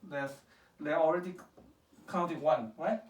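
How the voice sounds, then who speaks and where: A woman leads a casual coding lesson for a child, asking patient questions and checking in often that she is understood. Her voice sits a little low for a woman. She is heard from some distance across an echoey room. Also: unhurried, lo-fi sound. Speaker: parent teaching programming. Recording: echoey room, far from the mic.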